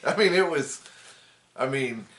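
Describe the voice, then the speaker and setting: A man's voice: mid-range voice, expressive, a little slow, fairly bright tone. A man co-hosting a casual reaction chat. He drops dry, wisecracking asides. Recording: roomy home room.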